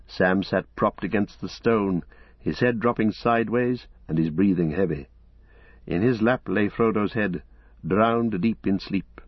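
A man tells a story in a measured, expressive way. His voice is low and husky, and the recording is dry and close, with a slightly dull top end. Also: no room sound. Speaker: audiobook narrator. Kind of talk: scripted narration.

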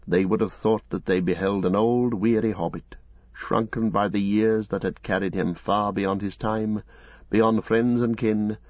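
Low husky male audiobook narrator. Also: dry recording, highs cut off. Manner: measured, expressive storytelling. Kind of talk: scripted narration.

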